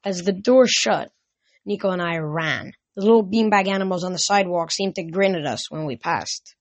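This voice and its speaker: A woman's voice: lowish voice, normal speed, dry recording. Tired woman reading a novel aloud. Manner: casual, with slips and restarts. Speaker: reader.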